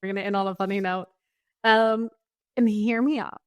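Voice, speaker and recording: Appearing as a guest on a podcast, a woman talks with a steady, clean, medium-pitched voice at a moderate pace, captured in a clean studio with no echo. She is earnest and emotional in this candid, heartfelt exchange, using "like" as a frequent filler.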